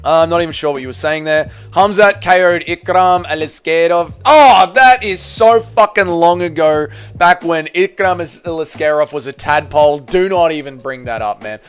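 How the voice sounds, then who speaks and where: Brash Australian streamer, smooth voice. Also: male voice, on the high side, normal speed, hardly any pauses, soft background music. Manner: brash, profane banter with viewers. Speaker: livestream host reading chat. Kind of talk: casual live-stream chat.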